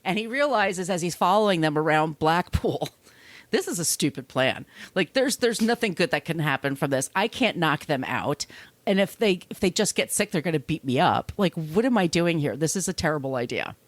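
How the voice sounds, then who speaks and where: A woman podcast host tells a true crime tale as casual chat. Her voice sits slightly low but swings widely as she slips into goofy voices for the people in it. The sound is close and dry. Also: moderate pace, no echo. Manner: animated, acts out quotes in goofy voices.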